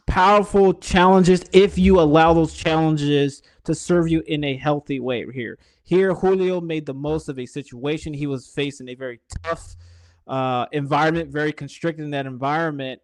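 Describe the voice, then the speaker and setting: A man's voice: mid-range voice, no room sound. Enthusiastic male podcast host. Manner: enthusiastic, addresses the audience. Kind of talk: podcast interview.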